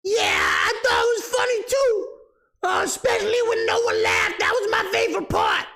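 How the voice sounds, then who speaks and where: A man voicing a sassy, shrill woman with a sharp tongue, brash and mocking. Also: huge pitch swings, moderate pace, gravelly, full character voice.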